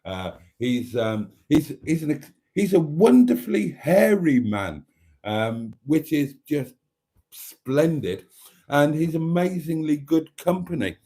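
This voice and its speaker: A man's voice: fairly high pitch, big pitch swings, takes it slowly, mellow. A man hosting a live stream, chatting casually as he reads out viewer comments in a camp, teasing way with frequent laughs.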